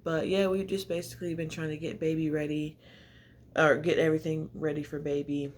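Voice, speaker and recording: A woman's voice: low-pitched, flat delivery, a little fast, a little hiss or hum. A woman vlogging casually to camera at home in a chatty, confessional, rambling way, often a little out of breath. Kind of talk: casual vlog chat to camera. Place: home, indoors by natural light.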